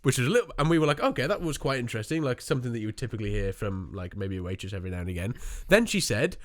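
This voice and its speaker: A man's voice: medium pitch, very animated, racing. Young man telling stories. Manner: rambling storyteller, swears, mimics people. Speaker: podcast co-host. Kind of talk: casual chat.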